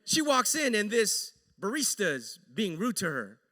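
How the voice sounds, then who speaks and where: Casting note: high, lively male pastor, casual joking sermon storyteller, echoey church hall. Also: normal speed. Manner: animated, joking, conversational. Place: church sanctuary.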